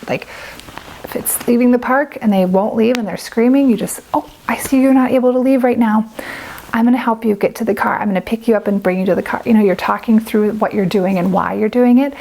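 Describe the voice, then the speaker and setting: A woman's voice: mid-range voice, warm tone, low-quality recording. A young adult woman giving casual, earnest parenting advice to camera, chatty and full of filler words. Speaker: parent vlogger.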